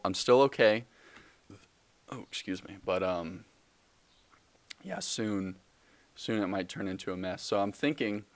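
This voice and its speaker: Young male podcast host, very low voice, dry sound, rambling jokey monologue with lots of ums. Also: no room sound. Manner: rambling, joking, self-correcting with many fillers. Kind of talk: casual solo podcast monologue.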